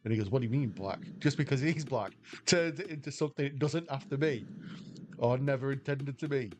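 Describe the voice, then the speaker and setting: An English man livestreams slots, rambling casually in a fairly quick, mid-range voice with a darkish tone as he answers his viewers' questions aloud. There's a little hiss or hum on the audio.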